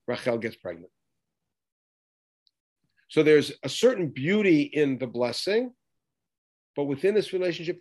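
A man teaching a lesson on scripture, posing rhetorical questions and acting out the quoted lines. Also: a little high. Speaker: Bible teacher. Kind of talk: lecture on scripture.

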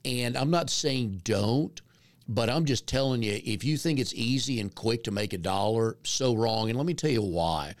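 A man's voice: mid-range voice, lively intonation, moderate pace, no room sound. A man from North Carolina hosting a casual interview, chatty and self-deprecating as he tells stories. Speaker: podcast host.

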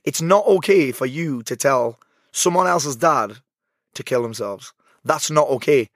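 A man hosting a casual chat, quick and chatty, swearing casually. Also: medium pitch, expressive, dry recording, clean studio sound.

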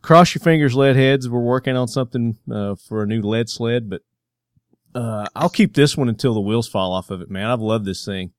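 Man, southern twang, podcast host, joking, rambling, mid-pitched, dry close sound. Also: normal speed, no room sound. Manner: joking, rambling with many fillers. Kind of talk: casual podcast chat.

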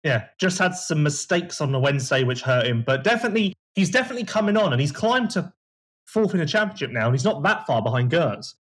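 A man co-hosting a casual podcast, giving animated, opinionated race analysis. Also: a little high, fast talker, breathy edge. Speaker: podcast co-host. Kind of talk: casual motocross chat.

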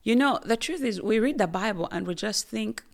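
A woman from Uganda giving an earnest personal testimony as a guest, emphatic and dropping to soft near-whispers at intense moments. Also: medium pitch, lively intonation, moderate pace, creaky.

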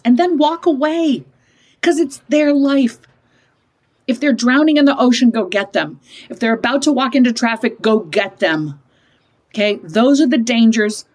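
A somewhat high-pitched woman in her fifties, talking as an interview guest about raising kids. She is emphatic and lively, checking in with the listener, and she jumps up into acted voices whenever she quotes a parent or child. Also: moderate pace. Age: 50s. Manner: animated, switches into higher voices to act out quoted parents and kids; emphatic, punctuates points with "okay?". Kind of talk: conversational storytelling in an interview.

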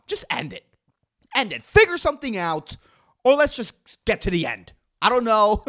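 A young man hosting a casual solo podcast, rambling and swearing emphatically as he rants. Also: high voice. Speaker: podcast host.

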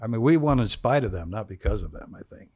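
A man's voice: lowish voice, expressive, quick pace, darkish tone, slightly rough, dry recording. A man in his sixties telling laid-back, wry stories as a guest in a studio. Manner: laid-back, wry, trails off in long anecdotes. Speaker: guest, former football quarterback. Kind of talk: casual storytelling.

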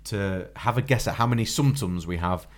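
A man's voice: fairly low pitch, normal speed. A man co-hosting a podcast, chatting casually and plugging the show's extras. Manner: relaxed, chatty, nervous about doing accents. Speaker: podcast co-host. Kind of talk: casual chat.

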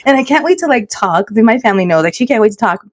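A woman's voice: on the high side, expressive, quick pace, dry recording, studio quality. A middle-aged woman, co-host of a chat podcast, telling a story with lots of laughs and Spanish phrases mixed into her English, her throat a little sore.

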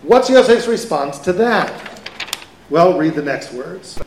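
A man, a rabbi, giving a lively conversational Torah lecture to a live audience and asking them questions. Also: high voice, slow pace, slight background noise. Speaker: rabbi teaching a Torah class. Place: event hall with an audience. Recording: echoey hall.

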